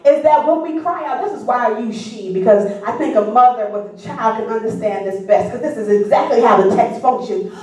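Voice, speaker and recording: A woman's voice: fairly high pitch, brisk, hardly any pauses, warm tone. Woman preacher, call-and-response sermon, voice rings through a big church hall. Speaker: pastor. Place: church sanctuary. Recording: echoey church hall from far off.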